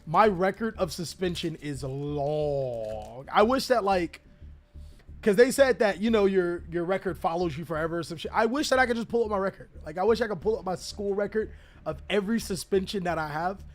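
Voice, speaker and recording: Animated high-voiced young man storyteller. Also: normal speed, soft background music. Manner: animated, laughing, profane, chatty. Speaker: channel host. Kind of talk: casual storytelling to a live chat.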